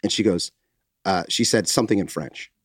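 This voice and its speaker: An American man telling a story in casual chat, animated, acting out quotes and swearing. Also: sits low, normal speed, slightly rough, no room sound, studio quality. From United States. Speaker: podcast host telling a story.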